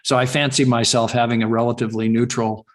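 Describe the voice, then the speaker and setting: A man's voice: mid-range voice, level tone, quick pace. A man from California hosting a live webinar over a video call, rambling casually with many fillers and restarts. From California, USA. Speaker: webinar host.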